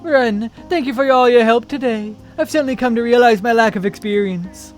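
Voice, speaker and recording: A man's voice: extremely high pitch, a little fast, faint music behind. A man reading a pompous, grandiose young male artist aloud on stream, with theatrical, flowery speech. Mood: pensive.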